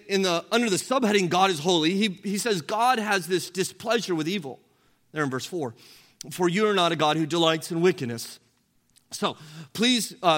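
A man preaching a sermon as pastor, earnest and direct, asking the listeners questions and swinging between loud emphasis and quiet, low delivery. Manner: earnest preaching with rhetorical questions, rising and dropping in force. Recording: long hall reverb.

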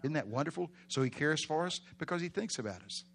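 A man with a Texan accent, preaching a sermon in a folksy storytelling way, with bursts of loud emphasis. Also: on the high side, animated, quick pace, gravelly, a little hiss or hum. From Texas.

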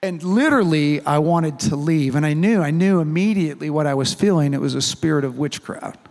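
A man's voice: fairly high pitch, a little fast, vocal fry. A man, a pastor, preaching a sermon in a casual, humorous way, telling stories and acting out the dialogue. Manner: animated storytelling with acted-out dialogue; conversational and humorous. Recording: long reverb of a large hall.

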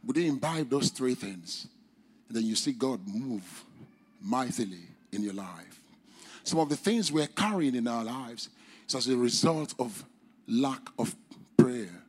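Husky-voiced preacher with a foreign accent. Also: male voice, lively intonation, measured pace. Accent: non-native English accent, speaker's own mention. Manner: emphatic preaching with formal, old-fashioned wording; swings between loud high exclamations and low quiet drops. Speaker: pastor. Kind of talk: sermon.

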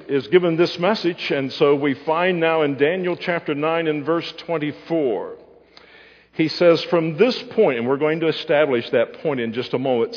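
A man preaching a Bible-teaching sermon, quizzing his listeners and answering himself. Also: a little high. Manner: asks the audience questions and answers them. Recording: muffled hall recording with long reverb.

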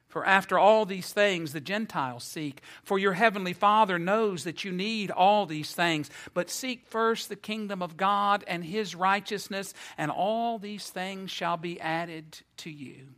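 A man preaching a sermon, earnest and emphatic, slowing down to stress key phrases. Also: sits high, a bit bright.

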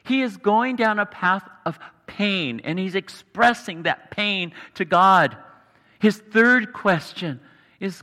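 High bright man preaching in reverberant hall. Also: lively intonation. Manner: earnest, explanatory, pauses for emphasis. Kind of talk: sermon.

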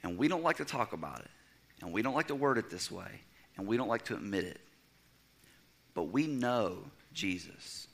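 A young adult man preaching a sermon, swinging from loud, emphatic stretches down to a hushed near-whisper. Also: on the low side, very animated, fast talker, creaky. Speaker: pastor.

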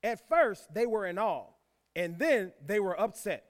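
Man, sermon, higher voice, repeats lines for emphasis, folksy asides. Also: lively intonation, unhurried. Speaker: pastor. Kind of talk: sermon with scripture reading.

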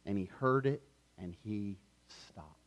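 A man preaching a sermon as pastor, swinging from loud urgency to hushed softness and telling stories in a conversational way with frequent restarts. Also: on the low side, a little slow, highs cut off. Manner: conversational storytelling with repeated restarts.

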